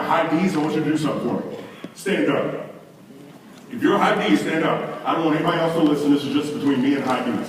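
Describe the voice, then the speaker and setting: A man giving a motivational seminar talk to a live audience, animated and preachy, speaking to the crowd directly. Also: mid-range voice, a little hiss or hum. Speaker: leadership conference speaker. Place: large hall with audience. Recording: echoey hall recording from far off.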